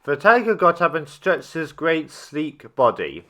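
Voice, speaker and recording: A man reading a children's story aloud, steady with small slips and restarts. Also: on the high side, unhurried.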